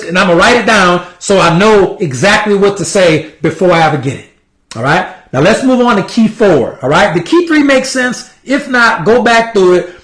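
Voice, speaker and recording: A man gives casual, repetitive motivational sales coaching, acting out sample conversations with prospects. His voice is high, animated and fairly bright at a moderate pace, with reverberation.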